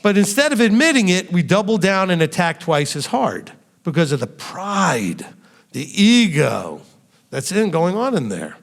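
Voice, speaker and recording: A man leading a question-and-answer teaching session, animated and acting out the lines he quotes. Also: sits high, measured pace, vocal fry, long reverb tail. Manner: animated, acts out quoted dialogue.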